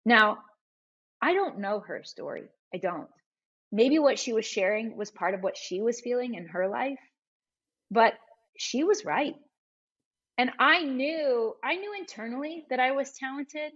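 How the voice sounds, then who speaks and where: A woman guest on a podcast interview, telling a personal story with lively, acted-out dialogue. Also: a little high, a little slow, lo-fi sound. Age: adult, mother of school-age boys. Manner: animated storyteller who acts out quoted dialogue. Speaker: entrepreneur guest.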